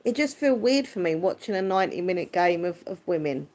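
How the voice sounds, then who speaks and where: A woman hosting a relaxed livestream reads viewer comments aloud as she goes, chatting casually. Her lowish voice is squeaky yet deep, and she comes across as warm-hearted, chatty, and quick to laugh.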